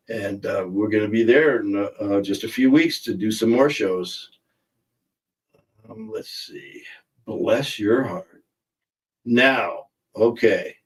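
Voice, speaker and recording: Casual stream host, middle-aged man, low voice, rambling chat, a bit off-mic. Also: distant mic, low-quality recording. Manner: chatty, rambling, reads viewer comments aloud.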